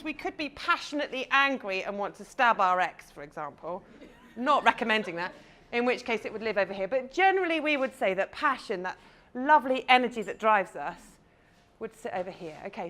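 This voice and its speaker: A woman's voice: on the high side, big pitch swings, fairly quick, a bit bright. A woman, a confidence coach giving a chatty, playful talk to a live audience on stage.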